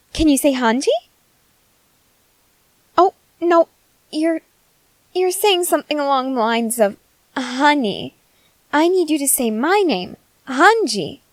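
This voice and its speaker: A woman voicing an eccentric, excitable female scientist in an ASMR role-play, coaxing and gushing in a cheerfully unsettling way. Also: sits high, no echo, low-quality recording.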